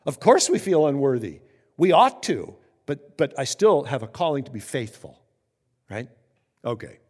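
A man preaching a sermon as pastor, acting out quotes with big swings in pitch and volume. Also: sing-song, normal speed, a little mellow, big-room sound.

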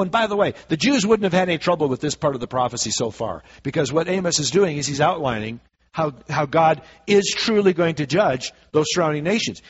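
Sex: man. Role: preacher. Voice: husky, higher-pitched. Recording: dull lo-fi. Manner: lively, slows for scripture, fillers and asides. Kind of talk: sermon with scripture reading.

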